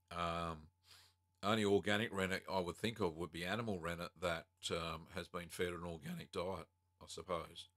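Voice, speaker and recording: Australian man, low voice, bright tone, casual live-stream host, chatty, lots of ums. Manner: relaxed and chatty, many ums and uhs, reads out chat comments. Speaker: host answering viewer questions. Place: home.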